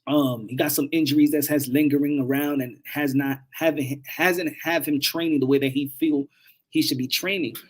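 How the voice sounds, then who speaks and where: Man, boxing channel host, slightly high-pitched, animated casual stream talk, swears, repeats himself. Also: moderate pace. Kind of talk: casual live-stream commentary.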